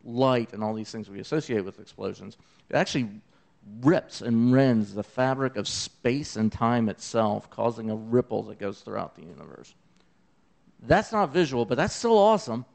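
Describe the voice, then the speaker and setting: A man's voice: medium pitch, animated, normal speed, gravelly, darkish tone. A man from Memphis with a Southern accent, giving an enthusiastic conversational talk about a science project. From Memphis, Tennessee. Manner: enthusiastic, conversational, with fillers and asides. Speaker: presenter of an eclipse accessibility project. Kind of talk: conference talk.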